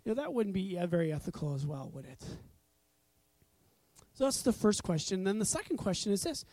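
A woman's voice: mid-range voice, very animated, brisk, warm tone, dry recording. A woman preaching a conversational sermon, telling stories with animation and acting out voices. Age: adult parent.

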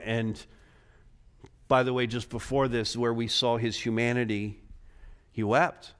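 A man preaching a sermon to a congregation, moving between quiet, low passages and rising, urgent emphasis. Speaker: pastor. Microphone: preaching to a live congregation, also streamed online.

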